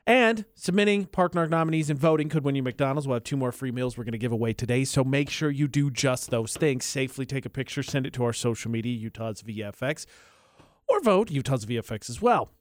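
A man's voice: lively intonation, a little fast, dry recording. Dry self-mocking man co-hosting radio. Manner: dry, self-mocking, low-key delivery. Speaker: radio show co-host. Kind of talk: casual morning show banter.

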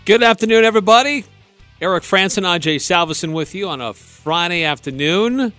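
A man's voice: sits high, lively intonation, brisk, bright, forceful tone, soft background music. A man hosting a sports talk radio show in a studio, friendly and chatty, often restarting his sentences.

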